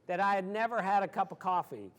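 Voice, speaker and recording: A man in his sixties with a fairly high voice tells stories to an audience in an animated, emphatic way. He laughs easily and leans hard on key words. He is from Maryland. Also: a little fast. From Maryland, USA. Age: 60s. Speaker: guest sportswriter. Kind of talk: storytelling in an audience Q&A.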